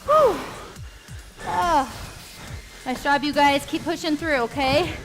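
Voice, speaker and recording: High-pitched woman coaching reps and stretches, encouraging, long reverby hall, light music behind. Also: slow pace, fairly bright tone. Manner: encouraging, gives step-by-step cues. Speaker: fitness instructor. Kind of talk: follow-along workout coaching.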